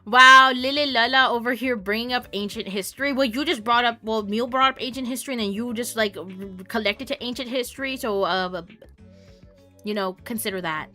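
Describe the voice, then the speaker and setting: A young woman from Canada, a streamer chatting casually with her viewers, playful and teasing, quick to laugh and trade mock insults. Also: on the high side, bright, forceful tone, faint music behind. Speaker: variety streamer. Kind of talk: casual chat reading stream chat.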